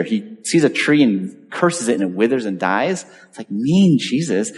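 Animated male preacher in a reverberant hall. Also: on the high side. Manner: animated, conversational storytelling with acted-out quotes. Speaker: pastor. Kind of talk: sermon.

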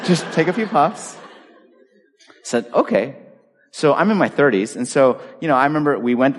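Animated male pastor in a reverberant hall. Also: mid-range voice. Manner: animated storyteller acting out dialogue. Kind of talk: storytelling sermon. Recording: long reverb of a large hall.

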